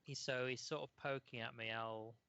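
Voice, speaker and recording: A man's voice: medium pitch, fairly even intonation, moderate pace, creaky, sharp tone, smooth, no echo. Male player in a tabletop game, blunt and casual, swears easily.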